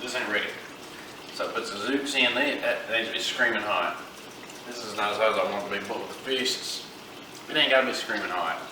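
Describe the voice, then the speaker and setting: A man's voice: on the low side, a little fast. Laid-back man cooking. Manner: laid-back, folksy, drawling asides. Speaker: fishing channel host. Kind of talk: casual cooking vlog. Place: kitchen. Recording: echoey kitchen, mic far off, noisy. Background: frying and sizzling.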